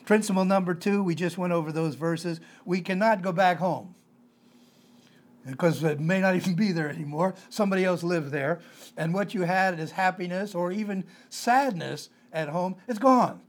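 A man delivers a conversational sermon in a noticeably high voice. He leans on emphasis and circles back to repeat his main points. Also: moderate pace. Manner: emphatic, repeats key phrases. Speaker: preacher.

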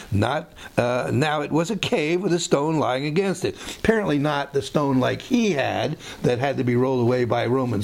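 A man's voice: medium pitch, vocal fry, darkish tone. A man giving an informal Bible teaching in a conversational, rambling way, with frequent restarts and asides.

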